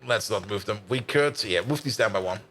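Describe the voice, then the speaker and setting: A man's voice: on the low side, brisk, fairly bright tone, slight background noise. A tired man streaming a factory-building game, chatting and rambling as he plays, with frequent laughs and casual swearing. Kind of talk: casual gameplay commentary.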